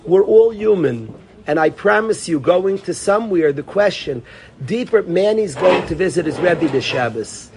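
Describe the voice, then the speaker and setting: A man's voice: high-pitched, expressive, normal speed, a little mellow, breathy edge. A man teaching an informal Torah class, talking conversationally, repeating phrases and calling on students by name.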